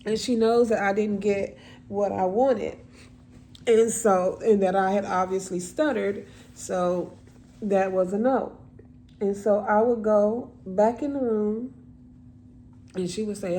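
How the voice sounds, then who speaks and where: Slow-paced woman sharing a personal story, emotional and halting. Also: medium pitch, warm tone, slight background noise. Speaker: vlogger telling a story.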